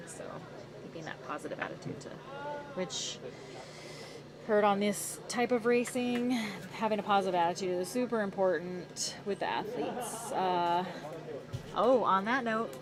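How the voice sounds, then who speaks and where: A woman's voice: on the low side, poor audio. A woman commentating on a race livestream outdoors, talking in a rambling way with many fillers. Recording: loud crowd behind.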